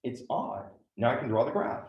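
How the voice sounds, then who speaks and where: A man's voice: mid-range voice, big pitch swings, moderate pace, reverberant, muffled recording. A man teaching a math lesson step by step, often checking in with "right?". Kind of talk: classroom lecture at a whiteboard.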